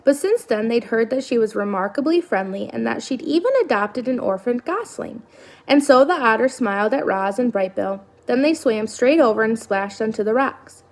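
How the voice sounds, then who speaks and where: Woman, story reader, reading a children's novel aloud, gravelly, slightly high. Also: normal speed. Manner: steady storytelling narration.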